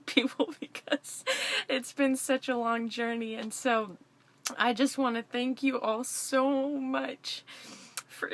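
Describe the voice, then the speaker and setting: A young woman vlogger giving an emotional personal testimony to camera, excited and laughing through her words. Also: a little high.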